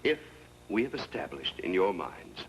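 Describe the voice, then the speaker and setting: A confident defense lawyer delivering a closing argument, pressing each point with repeated rhetorical questions. His voice sits low but rises and falls widely. Old TV sound with a soft hiss behind him. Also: big pitch swings, poor audio. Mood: persuasive. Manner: measured, rhetorical, emphatic questions. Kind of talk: 1960s TV courtroom drama.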